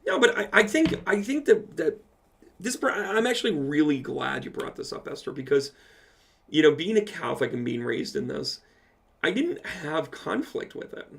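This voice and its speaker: A man's voice: a little high, sing-song, moderate pace, gravelly, a bit bright. A man hosting a casual livestream Q&A as a medium, reading out viewer comments and answering them with playful asides. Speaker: medium answering live chat questions.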